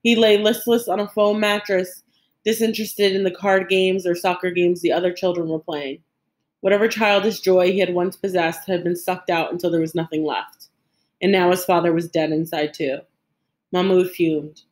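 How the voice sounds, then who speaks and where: Lady reading a chapter book out loud, kinda low voice, steady, trips on a word now and then. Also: normal speed. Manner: steady, even narration with occasional restarts. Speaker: audiobook reader. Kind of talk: reading a novel aloud.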